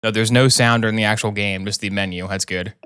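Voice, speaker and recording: A man's voice: lowish voice, steady tone, fairly quick. A man streaming a game, reading its text aloud with chatty, sarcastic commentary. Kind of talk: casual gameplay commentary.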